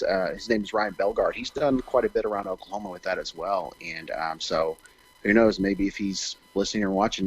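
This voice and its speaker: A man's voice: deep voice, husky, rough recording. A man who is an actor, chatting as a guest on a podcast in a rambling, gushing way. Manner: rambling, gushing, many fillers. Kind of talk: casual interview chat.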